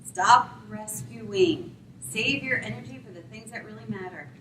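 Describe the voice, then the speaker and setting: Woman preaching, high bright voice, roomy sound, a bit far from the mic. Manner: lively, acts out characters in quick voices. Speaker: speaker retelling a Bible story. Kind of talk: storytelling sermon talk.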